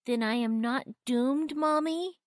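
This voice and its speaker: A woman's voice: high-pitched, takes it slowly, dry recording, clean studio sound, pitched above the performer's own voice. A woman voicing a sensitive, anxious little boy who sobs and pleads in a storybook reading. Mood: pleading. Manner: sobbing, pleading.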